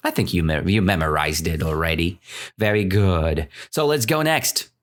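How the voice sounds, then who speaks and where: A man's voice: deep voice, normal speed. A man from Russia with a Russian accent, teaching English by telling a story and checking in with "right?" after almost every phrase. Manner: animated, keeps checking in with "right?".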